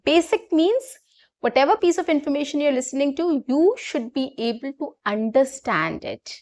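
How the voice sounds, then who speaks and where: Woman, English teacher, higher voice, patient, repeats herself. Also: expressive, normal speed, a little mellow. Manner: patient, repeats points, lots of fillers. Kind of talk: spoken English lesson.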